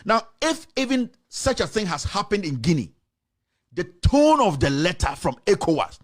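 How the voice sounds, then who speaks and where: Ghanaian-accented man, political host, passionate, lively pitch, mixes in Twi. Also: normal speed. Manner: impassioned, indignant ranting; switches between English and Twi. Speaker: show host. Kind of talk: political commentary.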